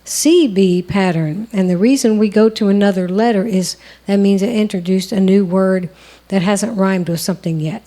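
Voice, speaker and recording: A woman's voice: medium pitch, normal speed, dark tone. A woman co-hosting a songwriting lesson, explaining step by step in a conversational way. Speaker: songwriting co-host. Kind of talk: instructional conversation.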